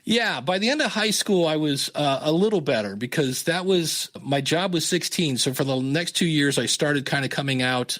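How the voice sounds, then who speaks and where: A man in his fifties, a podcast guest telling stories in a casual interview, acting out the people he quotes. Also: mid-range voice. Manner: animated, acts out quoted dialogue.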